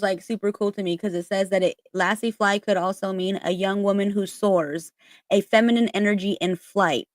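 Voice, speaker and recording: A woman's voice: mid-range voice, dry recording. A woman chatting casually and reading aloud, with lots of fillers and casual swearing. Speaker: spiritual content creator.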